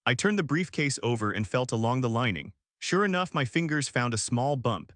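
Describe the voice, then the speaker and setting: Brief: male story narrator, mid-pitched, steady delivery, dry close sound. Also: no echo. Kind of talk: first-person story narration.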